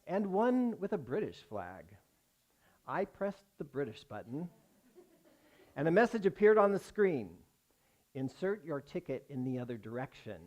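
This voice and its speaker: A man, a rabbi, giving a sermon as a wry, self-mocking personal story, pausing for the congregation's laughs. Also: a little high, a little mellow. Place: synagogue sanctuary with a congregation.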